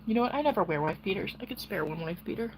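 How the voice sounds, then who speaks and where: A woman's voice: medium pitch, animated, very fast, slight background noise, rough recording. A woman livestreamer chatting casually and crudely, giggling and talking to her pet and her viewers.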